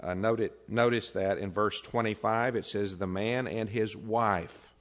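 A man's voice: lowish voice, steady tone, measured pace. A man preaching a sermon, reading scripture aloud and then building into emphatic preaching. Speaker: pastor. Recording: dull lo-fi recording.

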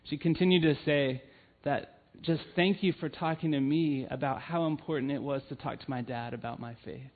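A man's voice: a little high, steady tone, moderate pace, hardly any pauses. A man giving a sermon, telling personal stories in an earnest way with frequent "um"s. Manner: earnest storytelling with frequent fillers. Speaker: church family ministry leader. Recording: tinny phone-like sound.

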